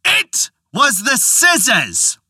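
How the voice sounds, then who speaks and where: A storyteller voicing a stubborn, defiant wife who repeats herself slowly in a raised voice. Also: wildly swooping pitch, pushed and bright, slightly rough, dry recording, clean studio sound, exaggerated voice. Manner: slow, high, insistent repetition. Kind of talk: storytelling voice acting.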